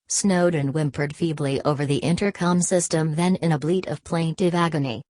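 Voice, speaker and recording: A woman narrating an audiobook in a steady, measured reading. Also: deep voice, dry recording.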